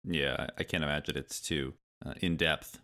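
A man co-hosting a podcast in casual chat, joking and quick to laugh, with wisecracking asides. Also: extremely low pitch, fairly even intonation, sharp tone. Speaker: podcast co-host.

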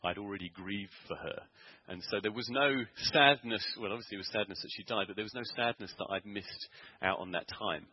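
A man preaching in church, telling a personal story earnestly with frequent pauses, ums and restarts. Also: lowish voice, steady tone, husky, no echo, highs cut off. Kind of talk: sermon testimony.

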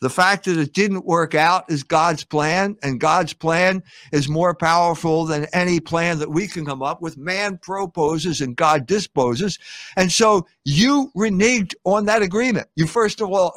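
A man's voice: fairly high pitch, a bit bright, no echo. An older man giving a critical commentary monologue, scolding and sarcastic as he addresses his subject directly.

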